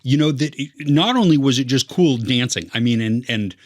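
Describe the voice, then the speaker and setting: A man's voice: mid-range voice, lively intonation, fairly quick, no echo, clean studio sound. A man co-hosting a casual movie review podcast, earnest and rambling, with many fillers and restarts. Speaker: podcast co-host.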